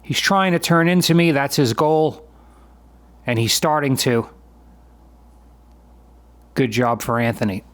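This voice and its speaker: Man in his fifties giving calm commentary. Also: mid-range voice, unhurried, pauses often. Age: 50s. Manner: matter-of-fact, explanatory, conversational. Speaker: jiu-jitsu practitioner narrating his own sparring footage. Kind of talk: voice-over commentary on a sparring video.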